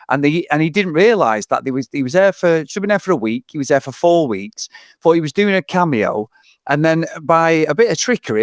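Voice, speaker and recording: A man's voice: medium pitch, no echo, studio quality. A middle-aged man co-hosting a casual film-review chat, rambling, swearing often and talking enthusiastically. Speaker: podcast co-host.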